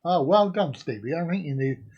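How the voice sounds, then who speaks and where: A man's voice: on the high side, expressive, moderate pace, highs cut off, heavy background noise. A man hosting a casual live stream, rambling and joking as he chats to his viewers. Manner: jokey, rambling, sings and laughs along.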